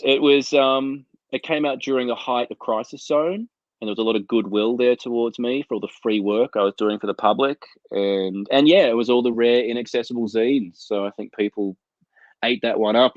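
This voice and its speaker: On a casual video call for a comics chat show he co-hosts, a man with a lowish voice rambles through profane anecdotes. He's at home out in the desert, and the dry recording has the dull quality of lo-fi video call audio.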